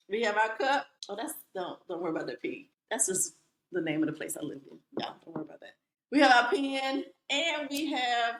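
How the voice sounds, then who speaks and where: A woman's voice: medium pitch, fairly bright tone. A woman from rural Virginia hosting a podcast, folksy and playful, often turning to talk straight to her listeners. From Lawrenceville, Virginia, US. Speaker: podcast host. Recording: echoey room.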